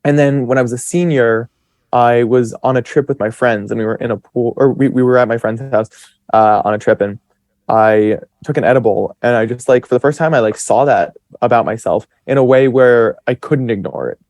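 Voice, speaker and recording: A young man in his twenties talks as a podcast guest, rambling through his stories with plenty of fillers and acted-out bits of his own thoughts. His pitch sits in a middle range, and the recording is dry and close, with no room sound. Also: fairly quick, a little mellow, no echo. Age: 20s. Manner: chatty, rambling with many fillers and quoted self-talk. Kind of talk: casual storytelling.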